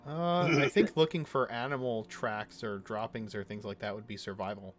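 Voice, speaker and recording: A man running a tabletop game as dungeon master, describing scenes casually and halting on lots of fillers. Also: lowish voice, fairly even intonation, over music.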